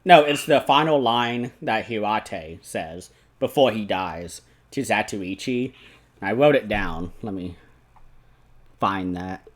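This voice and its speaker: A man's voice: fairly low pitch, slow pace. A man hosting a casual film discussion, animatedly retelling scenes with frequent laughs and lots of "like". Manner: animated retelling, laughs often, many "like" fillers. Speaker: podcast host.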